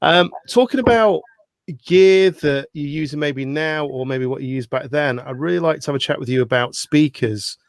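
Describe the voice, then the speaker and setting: A man's voice: on the high side, normal speed, no echo. Enthusiastic male podcast host, dry sound. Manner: enthusiastic, repeats praise. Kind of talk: casual interview. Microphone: video call.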